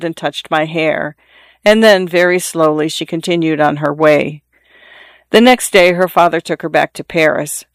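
A man reading a literary novel aloud as an audiobook narrator, in a measured, even storytelling delivery. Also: fairly high pitch, clear, resonant tone, no echo, clean studio sound.

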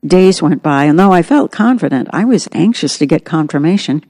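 A woman's voice: low-pitched, expressive, a little fast, dark tone, in a large hall. A woman narrating her own memoir as an audiobook, in an earnest, reflective way.

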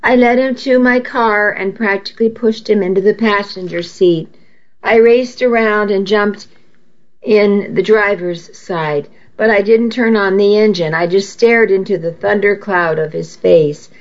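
A woman reading a first-person novel aloud in a measured, intimate storytelling manner, heard on a dull lo-fi recording. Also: medium pitch. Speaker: audiobook narrator.

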